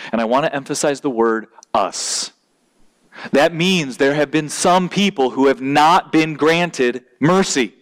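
A man's voice: medium pitch, a little slow. A man preaching a sermon as pastor in a church, earnest and building to emphatic points.

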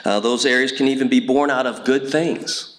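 A man's voice: mid-range voice, fairly even intonation, moderate pace, noisy background. A middle-aged man from Indiana giving a personal testimony talk at church, telling stories earnestly with frequent fillers and restarts. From Indiana, USA.

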